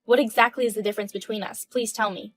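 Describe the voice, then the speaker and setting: A woman's voice: medium pitch, fairly even intonation, fast, close to an everyday voice. A woman in her thirties voicing a composed, indignant wife in a text-message story, firm and questioning. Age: 30s.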